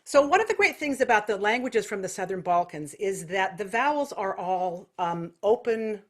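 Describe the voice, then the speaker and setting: An American woman teaching an online singing lesson, explaining technique and breaking into loud nasal vocal exercises. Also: medium pitch, animated, moderate pace. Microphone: video call.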